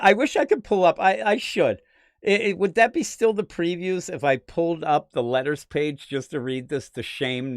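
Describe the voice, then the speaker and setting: A man hosting a podcast, talking casually about comics in an animated, rambling way with frequent laughs. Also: fairly high pitch, no room sound, clean studio sound. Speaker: podcast host. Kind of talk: casual comic book chat.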